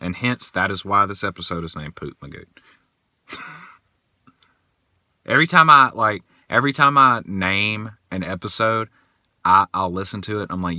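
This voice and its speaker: Guy rambling on his podcast, kinda low voice, dry close sound. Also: moderate pace, pauses often, no echo. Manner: animated, rambling storyteller. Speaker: podcast host. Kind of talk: casual solo podcast monologue.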